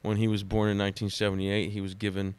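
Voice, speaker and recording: A man who is a podcast guest, telling personal stories in a dramatic, animated way during casual conversation. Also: on the low side, fast, smooth, no echo.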